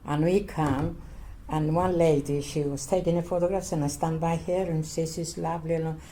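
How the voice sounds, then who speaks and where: An older woman from Cyprus speaks in broken, repetitive English, Greek being her first tongue. Her voice sits fairly low and sounds mellow and soft. She tells her story earnestly, like an oral history interview. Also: steady tone, a little hiss or hum. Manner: halting, repetitive non-native English, earnest.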